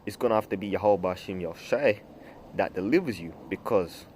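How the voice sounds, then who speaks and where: Guy giving a rambly bible teaching, lowish voice, lots of you know and restarts. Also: a little fast, a little mellow, a little hiss or hum. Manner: rambling, many fillers and restarts, says "man". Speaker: preacher. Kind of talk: informal scripture teaching.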